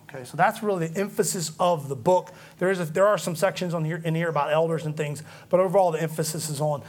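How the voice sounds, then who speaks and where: High-voiced man teaching a Bible study. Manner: conversational, explanatory, frequent "okay?" check-ins.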